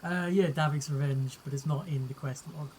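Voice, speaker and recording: A man's voice: a little high, fairly even intonation, brisk, a little mellow, a little hiss or hum, rough recording. Man narrating as game master.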